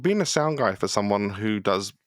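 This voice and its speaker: A man's voice: on the low side, expressive, normal speed, no room sound. A man co-hosting a casual podcast interview, asking rambling questions full of fillers. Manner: loose, filler-heavy questioning. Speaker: podcast co-host.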